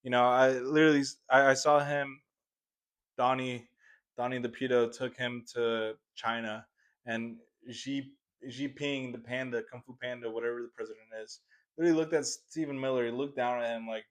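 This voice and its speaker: A man's voice: medium pitch, fairly even intonation, moderate pace. A young man hosting a casual comedy podcast, ranting in a rambling, profane way with frequent laughs into a podcast mic. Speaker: podcast host.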